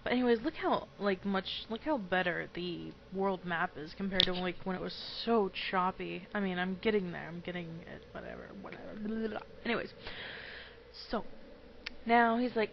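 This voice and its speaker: A woman's voice: mid-range voice, brisk, creaky. A young woman giving rambling, giggly let's play commentary at home on a dull, lo-fi mic. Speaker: gamer. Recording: dull lo-fi mic with faint noise.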